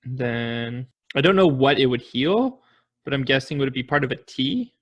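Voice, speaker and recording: A man's voice: medium pitch, expressive, moderate pace. A man co-hosting a casual history podcast, thinking aloud and offering guesses as he talks. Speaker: podcast co-host.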